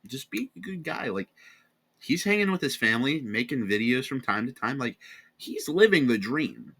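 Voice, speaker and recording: Tired, sarcastic American guy with a bright voice. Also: medium pitch, animated, normal speed, slightly rough. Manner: rambling, sarcastic, self-correcting. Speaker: commentary channel host. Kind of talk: casual drama commentary.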